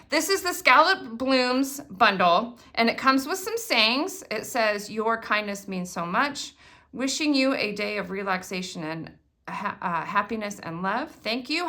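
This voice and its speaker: Bright, gushing woman unboxing craft supplies. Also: a little high. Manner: gushing, excitable, chatty. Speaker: craft product demonstrator. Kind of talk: casual unboxing chat.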